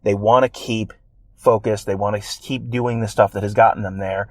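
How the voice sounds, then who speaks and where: A man's voice: on the low side, steady tone, normal speed, darkish tone, no echo. A man co-hosting a sports podcast in casual, rambling chat with wry self-deprecating jokes. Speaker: podcast co-host.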